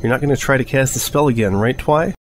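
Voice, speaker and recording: A man's voice: medium pitch, fast talker, slight background noise, natural voice. A man voicing a brash, tomboyish female pony who talks bluntly and impatiently in a storybook reading.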